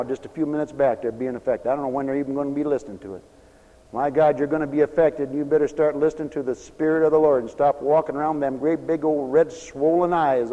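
Fiery high-voiced preacher in a reverberant hall. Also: male voice, muffled recording. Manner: fervent, swings from shouting to low confiding tones. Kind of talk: fiery sermon. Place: church hall, also broadcast on radio.

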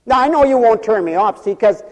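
A man's voice: sits high, expressive, fairly quick, in a large hall, poor audio. A man delivering a humorous radio sermon, scolding and theatrical, playfully mocking his listeners. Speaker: radio preacher.

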